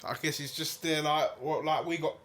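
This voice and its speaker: A man's voice: on the high side, steady tone, moderate pace, fairly bright tone. A man, speaking hesitantly with many fillers in casual chat. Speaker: podcast co-host.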